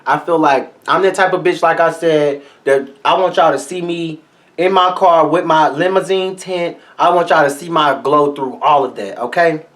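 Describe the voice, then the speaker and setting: A man's voice: fairly high pitch, normal speed, a bit bright. A man reviewing makeup products in a vlog, talking straight to his viewers in a sassy, flamboyant, salty way. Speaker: beauty vlogger.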